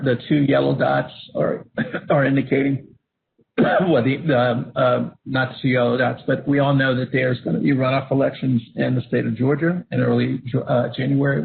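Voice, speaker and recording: A man moderating a webinar and walking through slides, halting with many fillers and restarts, coughing at times. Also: medium pitch, vocal fry. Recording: phone-line audio with faint hiss.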